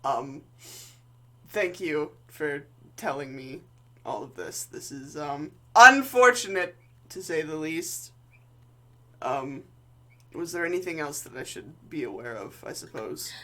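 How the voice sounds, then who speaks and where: The game master voicing a weary, apologetic male leader, speaking softly with halting pauses. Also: mid-range voice, pitched below the performer's own voice, natural voice. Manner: soft, hesitant, halting.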